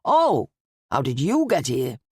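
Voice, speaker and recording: A woman's voice: low-pitched, wildly swooping pitch, slow, a little mellow, breathy edge, dry recording, studio quality, voice pushed down, full character voice. A woman voicing a weary, grieving middle-aged father who talks in a curt, snappish, tired way. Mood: weary, irritable.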